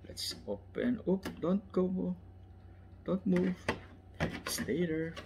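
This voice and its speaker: A man with a non-native English accent unboxing toy cars, enthusiastic and repetitive, often dropping into soft whispers. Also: high-pitched, animated, slow pace, creaky, long pauses, heavy background noise. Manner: drops to soft whispers while handling toys; enthusiastic, repeats words, addresses "ladies and gentlemen". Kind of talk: unboxing commentary.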